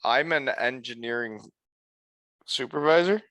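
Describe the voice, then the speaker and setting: A man in his forties hosting a podcast, chatting casually over a remote call in a relaxed, rambling way. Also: medium pitch, a little slow. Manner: relaxed, rambling, with many fillers. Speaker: podcast host.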